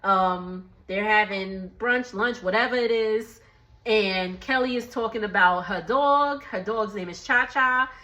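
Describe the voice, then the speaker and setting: A woman's voice: medium pitch, measured pace, sharp tone, lo-fi sound. A young woman casually recapping a TV episode from her kitchen, chatty and laughing often, with slangy speech. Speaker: recap vlogger. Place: home kitchen dining area.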